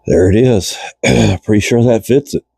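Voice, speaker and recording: A very deep, gravelly male voice, congested from a chest cold and breaking into coughs and throat-clearing. He talks slowly and folksily to the folks watching, walking through a reel repair in his cold garage. The sound is husky, dark and dry. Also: no echo. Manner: folksy, chatty, addresses viewers as folks. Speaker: reel repair channel host. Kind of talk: casual repair tutorial.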